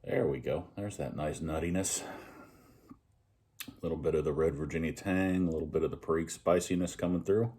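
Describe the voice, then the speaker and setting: Very deep-voiced man, rambling. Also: a little fast. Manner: relaxed, rambling, joking at himself. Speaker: pipe reviewer. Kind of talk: casual vlog chat.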